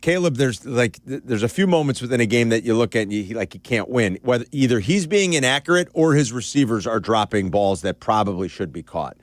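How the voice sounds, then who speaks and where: Animated sports radio man. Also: medium pitch, a little fast, few pauses, no room sound. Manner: animated, candid analysis with asides. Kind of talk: casual sports talk. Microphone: studio broadcast mic.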